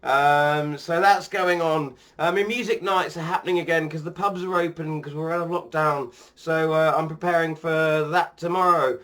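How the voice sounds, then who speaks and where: A man's voice: on the high side, fairly even intonation, normal speed, hardly any pauses, a bit bright. A man chatting casually in a vlog about sim racing updates and his life, rambling with frequent ums and restarts.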